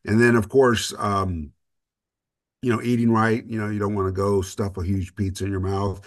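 Man, very low voice, casual podcast co-host, earnest and rambling. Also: flat delivery, normal speed. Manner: earnest, rambling with restarts and self-deprecating jokes. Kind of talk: casual recovery talk.

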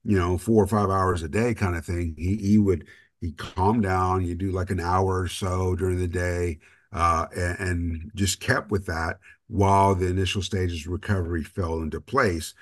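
A man's voice: low-pitched, fairly even intonation, moderate pace. A man co-hosting a casual talk show about addiction recovery, speaking earnestly with rambling restarts and small jokes. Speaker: podcast co-host.

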